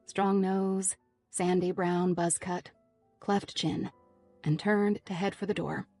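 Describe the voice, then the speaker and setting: A woman's voice: on the low side, steady tone, slow pace, darkish tone, no echo, soft background music. A woman narrating a thriller audiobook in the first person, tense and driven.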